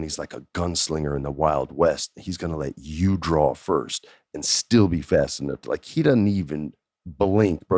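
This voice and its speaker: Deep-voiced guy telling a story on his podcast, swears a lot, voice jumps way up when hyped. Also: dry recording, clean studio sound. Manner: animated, profane, swings to high pitch for emphasis. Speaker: podcast host. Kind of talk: casual storytelling.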